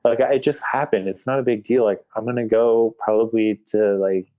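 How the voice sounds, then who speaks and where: A man's voice: fairly low pitch, fairly even intonation, fairly quick, warm tone, lo-fi sound. A man telling a story as a podcast guest, rambling casually with lots of filler words. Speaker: podcast guest, graphic artist.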